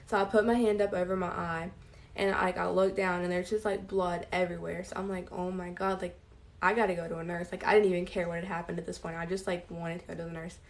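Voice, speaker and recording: A woman's voice: on the low side, little pitch movement, fast. A young college-age woman telling a casual story time, with many fillers. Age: young adult. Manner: filler-heavy narrating. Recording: voice a bit distant from mic.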